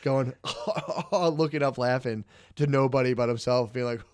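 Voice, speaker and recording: A man's voice: medium pitch, fairly even intonation, slow, a little mellow, no echo, clean studio sound. A young man co-hosting a podcast, telling a rambling story in casual chat, swearing a lot and acting out his own thoughts. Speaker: podcast co-host.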